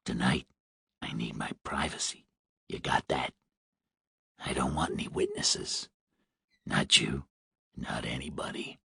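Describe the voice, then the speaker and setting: A man voicing a hoarse, heavy-smoking stranger who threatens in a low, slow whisper. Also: bright, forceful tone, no echo, clean studio sound, full character voice. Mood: menacing. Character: hoarse menacing man on phone, smoker.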